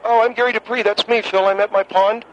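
A man doing a high-voiced compulsive caller. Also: steady tone, a bit bright, highs cut off, a little hiss or hum. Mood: earnest, fixated. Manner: repeats his name mechanically, earnest and halting. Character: compulsive middle-aged male caller repeating himself.

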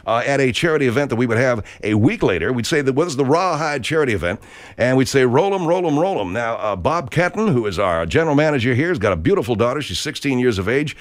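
A fast-talking Arkansas man with a local accent and a medium-pitched, expressive voice hosts a country show. He spins a rambling, folksy comic monologue packed with filler words.

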